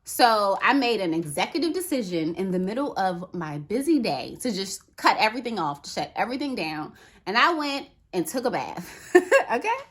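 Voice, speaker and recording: A woman talking casually to camera as a vlogger, chatty and animated, peppering her talk with "okay" and "right". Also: mid-range voice, moderate pace, husky. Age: adult with a daughter.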